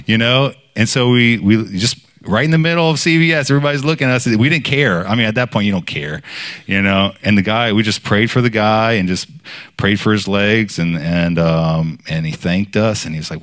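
A man preaching informally, telling a personal story in a casual, rambling way with many fillers, his voice jumping up when he quotes others. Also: fairly quick. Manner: animated when quoting others, voice jumping high.

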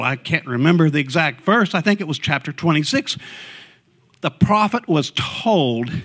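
A man gives a fervent church testimony, beginning quiet and low before his voice climbs into excited outbursts.

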